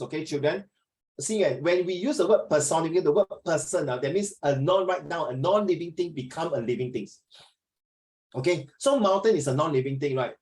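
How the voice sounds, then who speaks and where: Animated Singaporean male teacher. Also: fairly high pitch, poor audio. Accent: Singaporean English. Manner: chatty, animated storytelling, mixes in Mandarin. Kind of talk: online class teaching.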